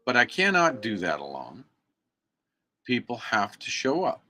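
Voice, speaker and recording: A man's voice: medium pitch, wildly swooping pitch, a little slow, pushed and bright, a little hiss or hum. An American man giving an angry, emphatic livestream rant into his computer mic, preaching to viewers. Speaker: activist live streamer. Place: indoors at a computer.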